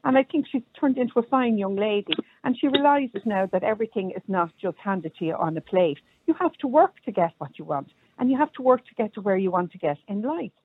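A woman's voice: medium pitch, animated, a little fast, hardly any pauses, breathy edge. A woman with an Irish accent calling into a radio show, firm and down-to-earth in a matter-of-fact way. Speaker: caller. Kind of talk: phone-in call to a radio show. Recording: tinny phone line.

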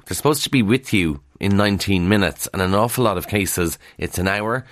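Low-voiced Kildare Irish man reading papers. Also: no room sound. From Ireland. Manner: brisk and conversational, dry asides, frequent "uh" fillers. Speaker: radio presenter reviewing the morning papers. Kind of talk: newspaper review with casual asides.

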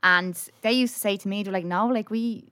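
A woman's voice: mid-range voice, fairly quick, no room sound. A young woman with a Dublin accent, chatting casually with lots of fillers. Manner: lively, chatty, filler-heavy. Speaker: podcast co-host. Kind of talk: casual chat.

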